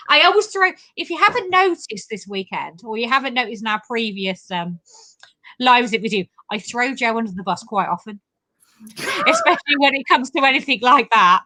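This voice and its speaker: A woman's voice: a little high, very animated, normal speed, pushed and bright, dry recording, rough recording. A woman co-hosting a casual livestream chat, teasing and laughing often. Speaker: co-host of online festival livestream.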